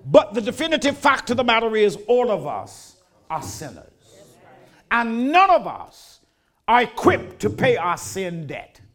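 Older preacher, lively emphatic sermon. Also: male voice, extremely high pitch, measured pace. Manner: folksy, then rising to emphatic preaching.

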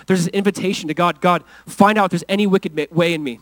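A man in his thirties preaching a sermon as pastor, earnest and fervent, dropping to hushed tones for tender passages and rising for emphasis. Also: high-pitched, steady tone, quick pace, no echo, poor audio.

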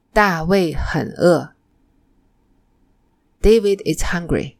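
A woman teaching a Mandarin lesson in a scripted narration, modeling example phrases slowly and carefully. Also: sits low, gravelly, a little mellow, slightly rough.

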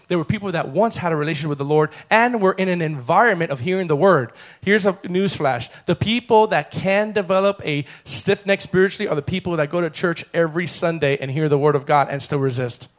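A man preaching a sermon as pastor, calling on the congregation to repeat phrases and building to loud, fervent passages. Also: fairly high pitch, fairly quick, hardly any pauses. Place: church.

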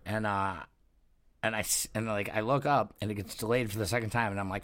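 A man's voice: lowish voice, steady tone, fairly quick, a bit bright, no echo. A man casually telling a long anecdote in a rambling, profane way, with lots of fillers. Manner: rambling, profane, acts out quoted voices. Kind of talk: casual storytelling chat.

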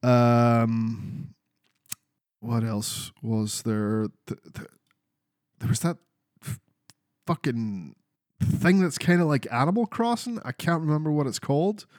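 A man's voice: medium pitch, slow pace, long pauses, darkish tone, no echo, clean studio sound. A man chatting casually about video games as a podcast co-host, rambling and swearing freely. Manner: sweary, rambling, restarts a lot.

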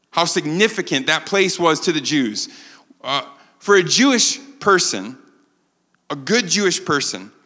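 A man preaching a sermon as pastor, animated and acting out the quotes he tells. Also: on the high side, in a large hall. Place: church sanctuary.

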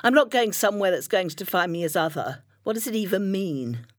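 A woman's voice: medium pitch, animated, fairly quick, no echo, clean studio sound, close to an everyday voice. A woman voicing a defensive, indignant young adult daughter.

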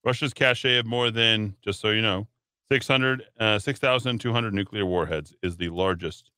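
Sarcastic talk radio host, bright voice. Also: male voice, on the low side, moderate pace, smooth, no room sound. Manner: sarcastic, mocking asides. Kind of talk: talk radio news commentary.

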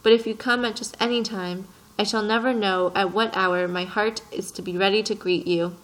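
A woman voicing a wise, patient male fox in a storybook, reading in a gentle, earnest way. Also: mid-range voice, steady tone, normal speed, close to an everyday voice, poor audio. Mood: eager.

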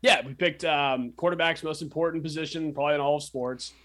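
A man's voice: a little high, fairly even intonation, a bit bright. A man co-hosting a community radio sports show, teasing his partner and rambling through loose, chatty tangents. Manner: teasing, rambling, quick to laugh. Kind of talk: casual sports radio banter.

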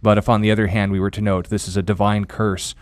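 A man co-hosting a Bible question show, answering in a quick, wry way with dry asides. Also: lowish voice, little pitch movement, no room sound. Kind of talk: casual radio Bible Q&A.

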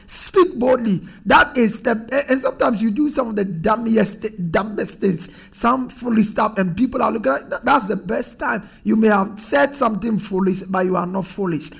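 A man's voice: high voice, normal speed, gravelly, few pauses, fairly bright tone, slightly rough. A man preaching a sermon as pastor, emphatic and repetitive, reading scripture aloud.

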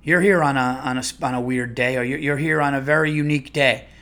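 A man's voice: medium pitch, fairly even intonation, fast talker, pushed and bright. A man voicing a friendly, chummy male radio host, a bit raised. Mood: breezy.

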